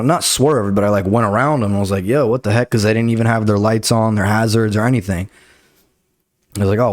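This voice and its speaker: A man's voice: lowish voice, darkish tone, no room sound, clean studio sound. A young man, a comedian hosting his podcast, telling rambling, profane stories and acting out the people in them. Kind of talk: casual solo storytelling. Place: Los Angeles area.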